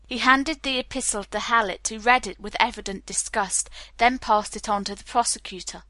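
A woman narrating a novel with even, unhurried storytelling, close to the mic. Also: medium pitch, dry recording. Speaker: audiobook narrator. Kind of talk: scripted narration.

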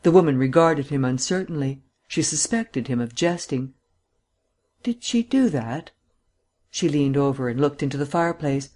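A man narrating a detective novel audiobook in a measured, steady way. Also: medium pitch.

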